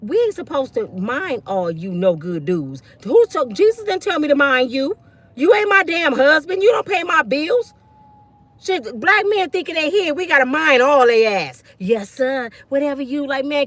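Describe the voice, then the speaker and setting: A woman hosting a show and telling animated stories, emphatic, preachy and sassy, with quick asides. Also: high-pitched, dry recording. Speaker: host. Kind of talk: animated storytelling rant.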